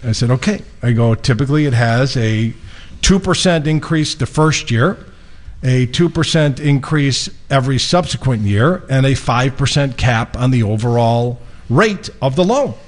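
A man hosting a radio show, casually telling a lively story and acting out both sides of the conversation. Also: medium pitch, normal speed. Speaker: radio show host and mortgage lender.

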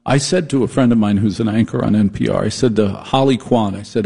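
A man's voice: lowish voice, gravelly, warm tone, breathy edge. A man hosting a talk radio show, delivering a comedic monologue, riffing and mocking as he goes. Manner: riffing, mocking, switches into quick impressions.

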